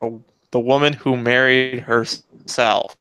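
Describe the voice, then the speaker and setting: A man hosting a casual podcast, reading articles aloud with sarcastic, deadpan remarks. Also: mid-range voice, slow, clean tone. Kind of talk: casual commentary.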